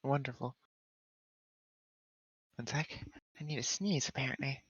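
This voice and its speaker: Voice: medium pitch, fairly even intonation, unhurried, fairly bright tone, breathy edge, no echo, lo-fi sound. Giggly player at the table, dry sound. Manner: giggly, chatty. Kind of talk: casual tabletop play.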